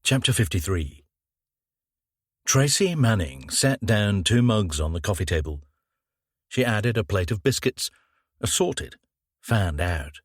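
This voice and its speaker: A man narrating an audiobook crime thriller in a measured, even way on a close mic. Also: on the low side, husky, no echo. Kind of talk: scripted narration.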